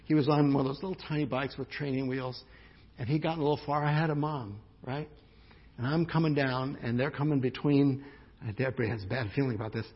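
A man's voice: mid-range voice, steady tone, a little fast, slightly rough. A male pastor preaching a sermon, telling a story in a conversational way with emphatic restarts. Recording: dull lo-fi sermon recording.

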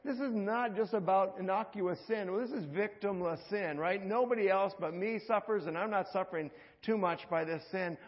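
Gravelly-voiced man preaching in a hall. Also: high-pitched, a little fast, hardly any pauses, muffled recording. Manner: conversational, repeats words, dramatic swings from loud to hushed. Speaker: pastor. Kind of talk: sermon.

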